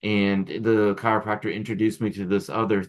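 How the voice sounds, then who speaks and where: An acupuncture instructor gives a recorded lecture to his students, wandering casually through the material with frequent restarts and side remarks. His voice sits on the low side, with an even tone and a moderate pace.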